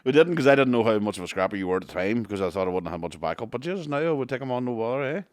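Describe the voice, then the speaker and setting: A man's voice: mid-range voice, expressive, racing, dry recording, studio quality. A man co-hosting a comedy podcast, swearing, laughing and rambling in casual banter.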